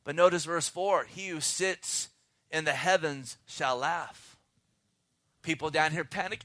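Fervent bright-voiced male preacher. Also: fairly high pitch, no echo, studio quality. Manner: fervent preaching, swings between loud and hushed, slows to read scripture. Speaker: pastor. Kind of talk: sermon. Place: outdoors.

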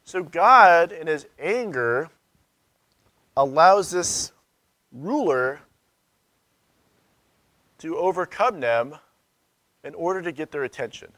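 A man in his thirties preaches in a casual, searching tone, posing questions to his listeners and now and then jumping up in volume for emphasis. His voice sits a bit higher than most men's, and the sound is close and dry. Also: animated, takes it slowly, pauses often, dry recording. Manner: conversational, searching, with rhetorical questions and sudden loud emphasis. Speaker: pastor. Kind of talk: sermon.

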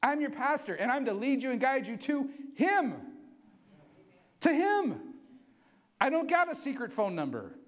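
A middle-aged male pastor giving an excitable sermon, acting out quotes as he preaches. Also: extremely high pitch, unhurried, pauses often.

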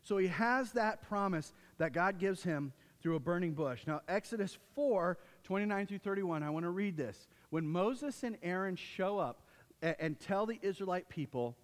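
A man preaches a sermon in a fairly high voice, telling stories with animated emphasis. His voice rings out with the long reverb of a large hall. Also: normal speed. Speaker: pastor.

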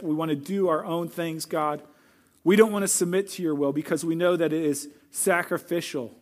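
A male pastor giving an earnest sermon that closes with a prayer. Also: fairly high pitch. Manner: earnest preaching, closing in prayer.

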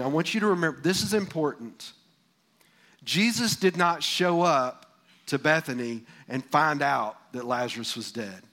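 A male pastor preaching a sermon in a folksy, animated way, often asking the congregation questions. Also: a little high. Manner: folksy, animated, asks the crowd.

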